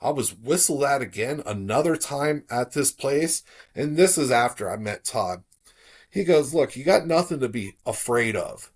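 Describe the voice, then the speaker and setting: A man's voice: medium pitch, normal speed. Man telling his story casually. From South Florida. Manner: relaxed, animated when quoting others. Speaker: podcast guest.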